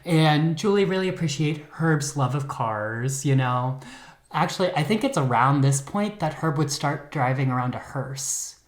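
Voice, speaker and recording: A man's voice: on the high side, animated, moderate pace. A man co-hosting a podcast, telling a true-crime story in a campy, joking, casual way. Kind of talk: casual chat. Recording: roomy echo.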